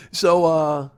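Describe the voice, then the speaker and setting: A man's voice: a little high, creaky. Profane, exasperated storytelling man. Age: 40s. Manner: profane, exasperated, swings between muttering and shouting. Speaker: podcast host. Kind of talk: storytelling monologue.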